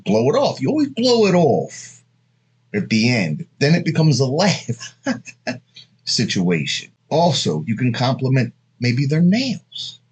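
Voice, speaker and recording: A husky-voiced man in his thirties delivers dating tips in a loose, rambling monologue. His pitch swings widely as he jumps between crude asides and stories. He talks bluntly and casually, like he is chatting with friends. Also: wildly swooping pitch, slow. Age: 30s. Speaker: dating advice host.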